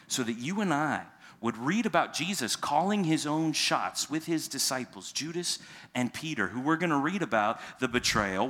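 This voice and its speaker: A man's voice: on the high side, sharp tone. A man preaching a sermon as pastor, speaking conversationally, asking his listeners rhetorical questions and acting out quoted lines in casual everyday speech.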